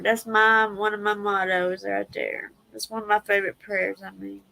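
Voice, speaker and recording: A woman's voice: mid-range voice, little pitch movement, normal speed, gravelly, bright, forceful tone, no echo, low-quality recording. A woman hosting a casual livestream, reading prayers and speaking tenderly and emotionally. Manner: tender, emotional, laughs easily.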